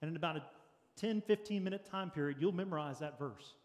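A man's voice: a little high, quick pace, big-room sound. A man preaching a sermon as pastor, earnest and practical, with light jokes for the congregation. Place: church sanctuary.

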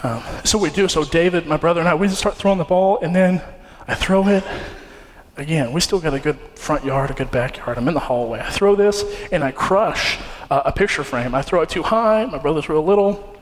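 A man's voice: on the high side, a little fast. A young man preaching a sermon, telling a personal story in an earnest, conversational way with frequent fillers and restarts. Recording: long hall reverb, faint ambience.

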